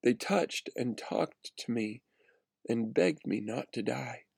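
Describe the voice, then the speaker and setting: A man narrating a first-person story aloud in an earnest, steady reading with small restarts. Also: medium pitch, takes it slowly, vocal fry, breathy edge, no echo.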